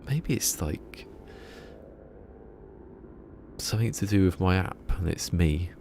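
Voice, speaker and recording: A man's voice: low-pitched, moderate pace, a little mellow, a little hiss or hum. A man streaming a game and chatting casually to his viewers, rambling and laughing at his own jokes. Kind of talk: casual live-stream chat.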